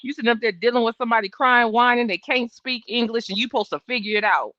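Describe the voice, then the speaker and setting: A woman's voice: a little high, fast, sharp tone, no room sound. A woman in her thirties hosting a live trial-watch stream, giving blunt, sassy, profane casual commentary. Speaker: livestream trial-watch host. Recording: dull, dry home stream audio.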